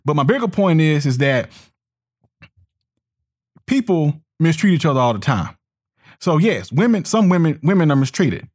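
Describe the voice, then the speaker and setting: A man's voice: fairly high pitch, sing-song, moderate pace, long pauses, darkish tone. A man delivering a heated monologue, emphatic and repetitive, often restarting his words and slipping into sneering mock voices. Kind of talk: ranting monologue commentary.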